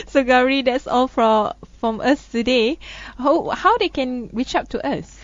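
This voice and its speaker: A woman's voice: sits high, takes it slowly, no echo. A woman co-host, chatting casually about the news with frequent laughs and a sarcastic streak. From Malaysia. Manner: laughs often, sarcastic banter, thinking aloud with restarts. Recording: dull, dry studio sound.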